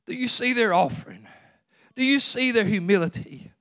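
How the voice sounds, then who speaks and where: A man preaching a sermon as pastor. He swings from hushed, intimate talk to loud exclamations and often repeats words. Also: high-pitched, animated, moderate pace, no echo, studio quality.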